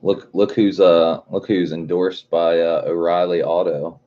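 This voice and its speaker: Deep-voiced man rambling on a stream. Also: little pitch movement, a little slow. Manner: rambling, swears constantly, chuckles often. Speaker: livestream host. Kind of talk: casual profane livestream chat. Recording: dull lo-fi stream audio.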